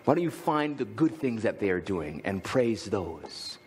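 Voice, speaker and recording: A man's voice: measured pace, big-room sound, a little hiss or hum. A man preaching a sermon as pastor, telling a family story and reading a poem aloud with big swings in tone. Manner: lively, swings from high to low when reading aloud. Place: church.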